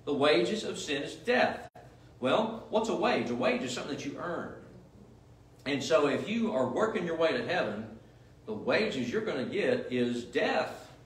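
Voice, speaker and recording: Preaching in a church, this man has a fairly high, sing-song voice and a moderate pace, with slight background noise. His sermon is emphatic and repetitive, full of rhetorical questions, and the distant mic picks up plenty of room echo.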